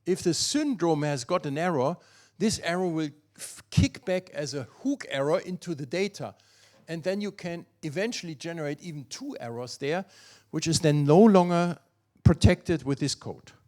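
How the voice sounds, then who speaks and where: Older man, German accent, academic lecture, slightly high voice, fillers and restarts. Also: expressive, normal speed, a little mellow. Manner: thinking aloud, many fillers and restarts. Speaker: physics lecturer.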